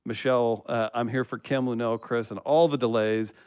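Male host, mid pitch, relaxed and jokey, dry close recording. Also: moderate pace, clean tone, no echo. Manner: laughs often, easygoing. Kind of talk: casual chat, reading listener comments.

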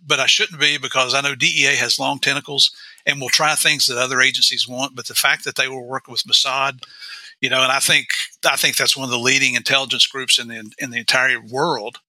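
A man's voice: medium pitch, bright, forceful tone, dry recording. A man with a West Virginian accent co-hosting a podcast as a former agent, chatting casually and laughing easily.

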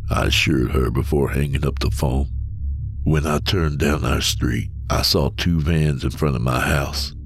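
A man narrating a scripted horror story in a low, steady storytelling voice. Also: measured pace, creaky, slight background noise.

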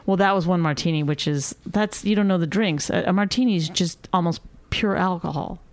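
A middle-aged woman co-hosting a podcast, chatting and teasing in a halting, casual way with many restarts. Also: on the low side, no echo. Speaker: podcast co-host. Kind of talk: casual banter.

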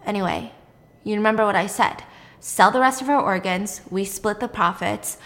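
A woman voicing a desperate young woman who flatly justifies betraying her friend. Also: mid-range voice, moderate pace, lightly acted. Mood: defensive.

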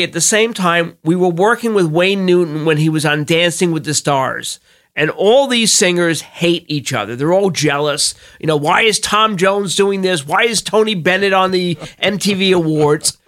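Bright, high-voiced man telling stories. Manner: animated storyteller acting out quotes. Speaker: guest, entertainment publicist. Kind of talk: anecdote telling on a podcast.

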